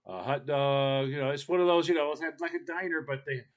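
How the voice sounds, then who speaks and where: A man's voice: on the high side, brisk, muffled recording. A man telling a long, rambling story in casual podcast chat, with many fillers and restarts.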